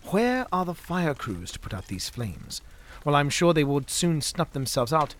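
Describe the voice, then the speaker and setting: Man voicing a cautious navigator, calm, measured, quietly commanding, low and steady, audiobook character. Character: calm, cautious male airship navigator leading a crew.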